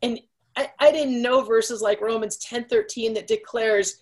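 A woman's voice: fairly high pitch, normal speed. A woman sharing her personal faith testimony as a guest, telling her story earnestly and speeding up at the tense moments.

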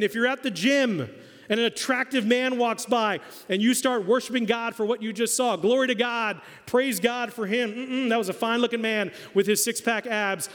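A man's voice: very high voice, fairly bright tone. A man preaching a sermon as pastor, emphatic and quizzing his congregation in a church hall. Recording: long hall reverb.

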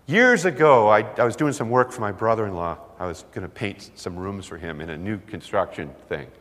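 Animated male preacher in a reverberant hall. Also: fairly low pitch, brisk. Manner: animated storytelling, acts out voices. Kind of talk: sermon.

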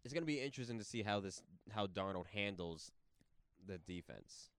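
A man co-hosting a sports podcast, chatting in an animated, informal way. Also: on the low side, moderate pace, no room sound. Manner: animated, laughing, informal slang. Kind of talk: casual sports chat.

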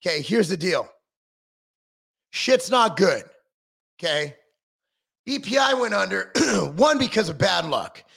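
Fired-up man ranting with gravelly voice. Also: high voice, sing-song, slow pace, long pauses, fairly bright tone. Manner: heated, sarcastic, swearing constantly. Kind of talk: profane political rant.

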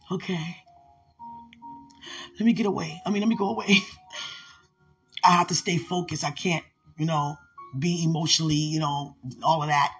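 A woman's voice: low voice, fairly even intonation, normal speed, pauses often, soft background music. A woman leading an emotional live prayer session, often tearful, sighing and laughing as she prays and calls her listener sweetheart. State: crying.

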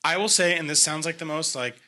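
Brief: male podcast co-host, very bright tone, blunt and earnest, faint hiss behind. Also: on the high side, a little fast. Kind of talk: casual comedic chat.

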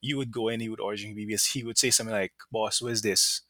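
A man co-hosting a casual chat, telling anecdotes in an animated way and laughing now and then. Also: lowish voice, racing, dry recording, studio quality. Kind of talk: casual conversational storytelling.

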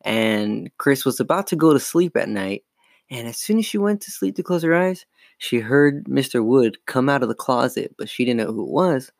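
A man's voice: medium pitch, expressive, moderate pace, creaky, dry recording. A man hosting a podcast, casually recapping and reading a children's horror book aloud with some stumbles. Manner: casual, informal, with restarts and fillers. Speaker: podcast host.

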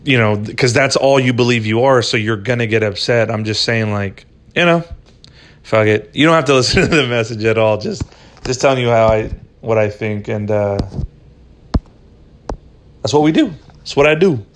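A man's voice: mid-range voice, normal speed. A man hosting a solo podcast, rambling casually and swearing a lot as he talks into a phone. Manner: rambling, profane, laid-back. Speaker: podcast host.

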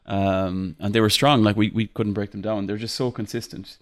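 A man's voice: lowish voice, fairly even intonation, normal speed, no echo, clean studio sound. A young Irish man hosting a casual football podcast, chatty with many fillers and restarts, laughing often. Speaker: podcast host.

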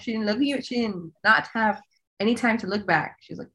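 A woman, a guest on a podcast, telling family stories in a relaxed, casual way with fillers. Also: medium pitch, normal speed, a little hiss or hum. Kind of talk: casual storytelling.

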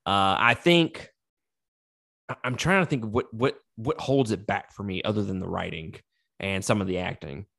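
A man's voice: fairly low pitch, moderate pace, creaky, no echo, studio quality. A man co-hosting a casual movie review podcast, swearing freely and laughing often. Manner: profane, animated, laughs often. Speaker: podcast co-host.

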